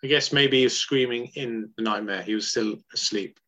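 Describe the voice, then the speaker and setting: A man's voice: mid-range voice, moderate pace, sharp tone. A man hosting a casual podcast over a video call, chatting and signing off to listeners. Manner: chatty, friendly sign-off patter. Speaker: podcast host. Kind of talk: casual chat and show sign-off.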